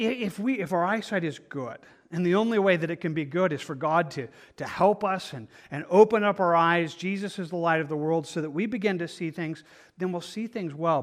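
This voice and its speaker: A man teaching a Bible study in an earnest, conversational way, often restarting his phrases. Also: sits high. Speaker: pastor.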